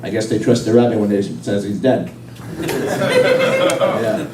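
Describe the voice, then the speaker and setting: A man's voice: fairly low pitch, fairly even intonation, unhurried. A young man performing a rambling stand-up comedy set, with self-deprecating punchlines, at a live event with an audience. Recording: echoey hall recorded from far off with crowd noise.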